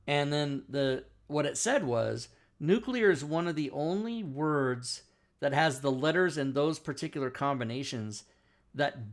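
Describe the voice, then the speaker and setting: Casual storytelling man, relaxed pitch. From Spokane, Washington, USA. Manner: storytelling, acting out quoted exchanges. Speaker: talk show host. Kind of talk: casual chat.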